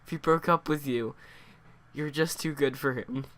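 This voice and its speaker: A loving mother gently reassuring her son, as a man reads her lines. The voice sits a little higher than his usual speech and stays soft and comforting. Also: moderate pace, lightly acted.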